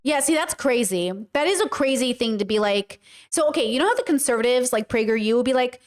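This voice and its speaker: A woman's voice: fairly high pitch, lively intonation, fast talker. A woman talking to her livestream chat in a blunt, emphatic way, swearing casually as she comments. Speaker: streamer and commentator.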